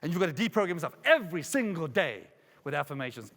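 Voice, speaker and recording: A man delivers a motivational keynote in a large conference hall, where his voice rings out under a long reverb. His voice is high and bright, and he hammers home repeated rhetorical questions. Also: big pitch swings, quick pace. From South Africa. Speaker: keynote speaker.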